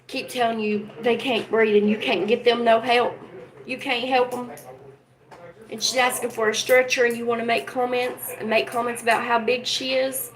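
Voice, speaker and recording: A woman hosts a relaxed livestream from home, speaking earnestly and emotionally to her viewers. Her voice sits a little high, and she addresses the chat directly. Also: normal speed, rough recording. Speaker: livestream host.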